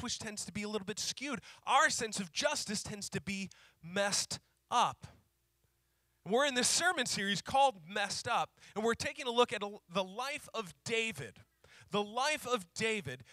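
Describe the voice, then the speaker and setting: A male pastor preaching a sermon who slows down to repeat key phrases for emphasis and tells stories in a conversational way. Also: very high voice, pushed and bright, dry recording, clean studio sound. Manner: conversational storytelling with fillers.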